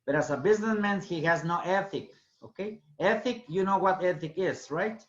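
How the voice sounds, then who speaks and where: A man teaches English and pauses after nearly every point to ask "okay?". His voice sits fairly high. The audio sounds dull and lo-fi, like an online class call. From Guatemala. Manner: explanatory, frequent "okay?" checks.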